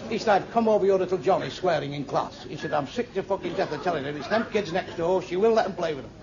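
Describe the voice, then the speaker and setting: Fast and high-voiced with lively intonation, a stand-up comedian works a live club crowd, firing off blunt, crude jokes and side remarks to the audience. The room echoes, and the lo-fi live tape sounds dull, with crowd noise throughout.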